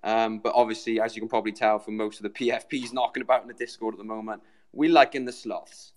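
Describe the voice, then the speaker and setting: A man's voice: lowish voice, fairly even intonation, fast. A British man joining a show remotely as the community's guest, chatting loosely and calling everyone mate. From Britain. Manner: chatty, says "mate" a lot, rambling. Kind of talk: casual chat.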